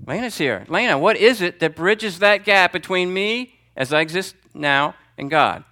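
A man teaching a Sunday school class, talking conversationally and calling on students by name, with lively swings in pitch for emphasis. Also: normal speed. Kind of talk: teaching sermon. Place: church classroom before a group.

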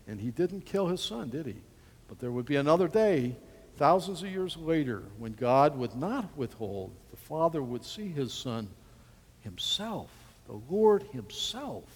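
A man preaching a sermon in an emphatic, animated way with frequent restarts. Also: a little high. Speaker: pastor. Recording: long hall reverb.

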